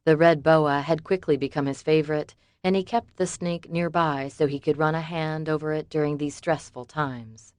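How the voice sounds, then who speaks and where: Low-voiced woman reading a thriller. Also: fairly even intonation, moderate pace, few pauses, a little mellow, no echo. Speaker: audiobook narrator. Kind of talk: scripted narration.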